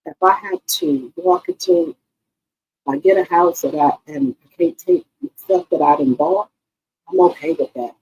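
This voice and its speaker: Woman channel host, low gravelly voice, heartfelt, swoops up and down. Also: sing-song, unhurried, darkish tone, rough recording. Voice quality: emotional, repeats herself, addresses viewers directly. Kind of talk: casual heartfelt talk to viewers.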